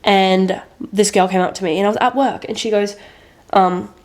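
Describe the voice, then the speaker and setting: A young woman co-hosting a podcast, telling personal stories in casual chat. Her voice sits at an ordinary middle pitch. She talks earnestly and with feeling, and swears freely. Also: steady tone, normal speed, a little mellow. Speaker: podcast co-host.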